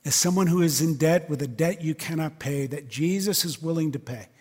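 A pastor delivering a sermon to his church in a slightly higher-than-usual male voice. He talks conversationally and leans on emphasis, often checking in with the congregation through quick rhetorical questions. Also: a little mellow, husky, long reverb tail. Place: church service.

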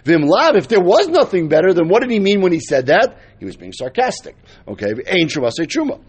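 A man with a husky voice teaching a Talmud lesson, explaining step by step and mixing in Hebrew and Aramaic terms. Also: high-pitched, very animated, a little fast.

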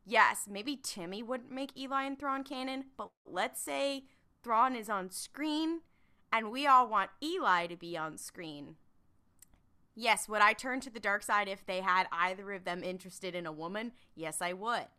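A woman's voice: mid-range voice, unhurried, sharp tone, clean tone. A woman co-hosting a podcast in casual fan chat, playful and joking with some hesitation. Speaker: podcast co-host.

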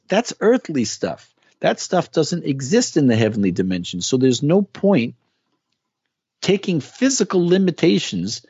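A man's voice: fairly high pitch, a little mellow, breathy edge, dry recording, muffled recording. A man talking as a guest in a casual interview, explaining with earnest emphasis. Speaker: guest musician.

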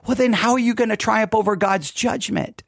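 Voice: medium pitch, moderate pace, creaky, no echo, clean studio sound. A commentator reacting to a sermon clip with emotional, exasperated ranting and sarcastic mimicry.

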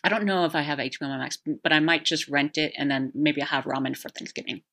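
A woman talks in a loose, rambling way, full of "like" and "um" and quick laughs. Her voice is bright and forward, a little lower in pitch than most women's. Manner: rambling, animated, laughs often, many fillers. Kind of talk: casual chat, movie recommendation.

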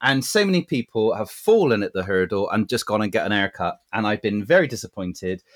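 A man's voice: lowish voice, animated, fairly quick. A man co-hosting a podcast, chatting casually with playful, mock-pompous teasing. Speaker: podcast co-host. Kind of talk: casual chat.

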